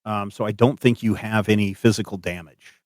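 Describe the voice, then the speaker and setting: A man narrating as game master of a tabletop game, animated and hesitant with many fillers. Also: fairly low pitch, fairly quick, no room sound, clean studio sound.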